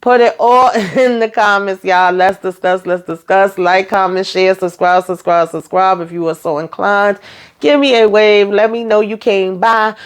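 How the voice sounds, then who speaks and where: A woman vlogger giving a casual, animated recap of a TV episode. She talks to her viewers in slangy, chatty speech and acts out the characters' lines. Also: mid-range voice, unhurried, clear, resonant tone. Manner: animated retelling, acting out dialogue, frequent laughs; slangy, addresses viewers directly.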